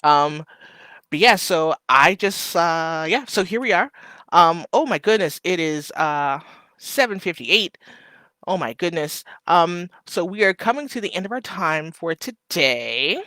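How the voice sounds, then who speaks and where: A man hosts a live stream, talking loosely through viewer comments with plenty of fillers. His voice is bright and crisp, recorded dry and close with no room sound. He is emotional and keeps fighting back tears. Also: a little high, expressive, measured pace, no room sound. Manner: loose and rambling with many fillers. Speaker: livestream host. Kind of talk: casual live chat, reading viewer comments.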